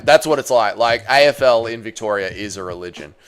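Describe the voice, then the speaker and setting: A young Australian man on a livestream, chatting with viewers, reading their messages, swearing freely and shouting at a fight as it unfolds. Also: fairly low pitch, expressive, a little fast, smooth. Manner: swears freely, reads chat aloud, yells at the fight. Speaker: streamer. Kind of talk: casual livestream chat and fight reaction.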